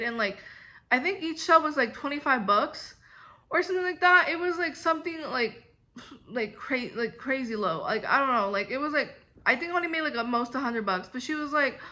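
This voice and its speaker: A woman's voice: high voice, sharp tone. A young woman telling a storytime vlog in a rambling, exasperated way, full of filler "like"s. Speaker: vlogger. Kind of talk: casual storytime monologue.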